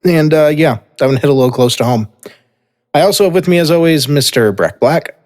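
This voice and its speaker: A man hosting a casual podcast, stopping and restarting his sentences often and filling gaps with "uh". His voice sits at an ordinary pitch. A long reverb hangs on every word. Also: animated, a little mellow. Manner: halting, with many fillers and restarts. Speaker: podcast host. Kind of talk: casual chat.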